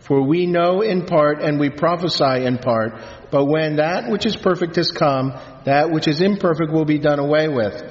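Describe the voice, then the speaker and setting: A man, a priest, reading scripture and preaching a sermon in a solemn, measured way in a church. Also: fairly high pitch. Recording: reverberant church, dull lo-fi sound.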